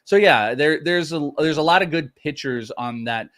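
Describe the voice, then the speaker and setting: A man's voice: on the high side, moderate pace, a bit bright. A man co-hosting a fantasy baseball podcast, teasing his partner and rambling with lots of fillers. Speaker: fantasy baseball analyst co-host. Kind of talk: casual podcast banter.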